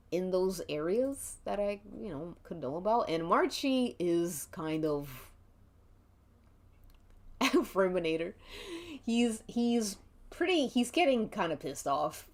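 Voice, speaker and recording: A woman's voice: mid-range voice, lively intonation, slow pace. A woman streaming as game master, narrating a murder mystery role-play casually, swearing and laughing often.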